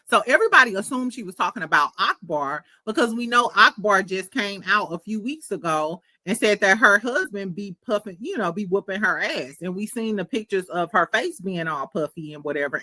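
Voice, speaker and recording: A woman's voice: medium pitch, bright, forceful tone, dry recording. A woman hosting a casual gossip show, chatty and sassy, laughing often. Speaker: podcast host.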